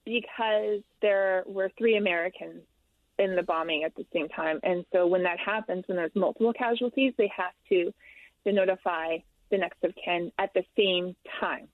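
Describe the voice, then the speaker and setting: A woman in her thirties, a guest in an interview, telling a personal story candidly and haltingly with frequent ums and restarts. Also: lowish voice, no echo. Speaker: interview guest, military widow. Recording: dry, tinny phone-like line.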